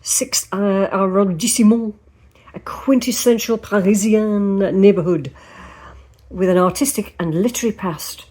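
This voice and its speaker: A woman putting on a playful French accent while reading lines aloud, slow and savoring. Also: mid-range voice, warm tone, natural voice.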